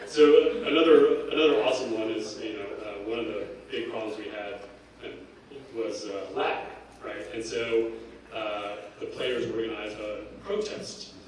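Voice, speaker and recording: Halting man talking in an echoey hall. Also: on the low side, a little hiss or hum. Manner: halting, full of "like" and "you know", restarts. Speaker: game developer on a panel. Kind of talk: casual panel talk. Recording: echoey hall, voice from far off, faint ambience.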